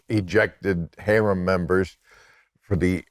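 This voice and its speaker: A sardonic American man in his sixties with a fairly low voice. He chats casually and mocks what he describes, swearing freely and laughing between remarks. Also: fairly even intonation, slow. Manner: sardonic, profane, laughing asides. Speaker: podcast guest, comedian. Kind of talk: casual chat.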